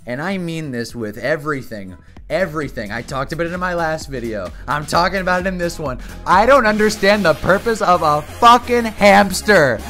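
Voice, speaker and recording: A man vlogger ranting to camera in an exasperated, animated way, swearing often. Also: on the high side, normal speed, soft background music. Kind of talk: casual comedic rant to camera.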